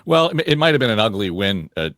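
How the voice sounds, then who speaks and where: A man's voice: on the low side, big pitch swings, fast, fairly bright tone, no room sound. A man hosting a political panel, talking conversationally and putting questions to his guests. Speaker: host.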